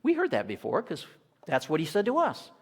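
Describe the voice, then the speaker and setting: A man's voice: on the high side, wildly swooping pitch, fairly quick, slightly rough, voice pushed up, exaggerated voice. A man voicing two grumbling disciples in a complaining, aggrieved way, recorded in an echoey hall.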